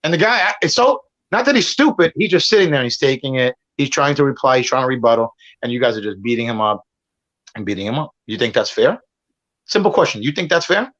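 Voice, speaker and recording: His medium-pitched voice is animated, quick, and a little bright as this guest debater from Puerto Rico fights it out on a stream. The argument is heated, full of rambling, cursing, and talking over the other person, and the recording is muffled lo-fi.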